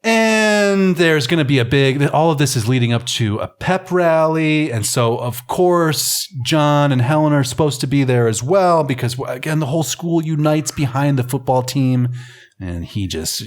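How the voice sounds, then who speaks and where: A man's voice: fairly high pitch, expressive, normal speed. A man hosting a film podcast, giving casual, wry and rambling commentary. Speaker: podcast host.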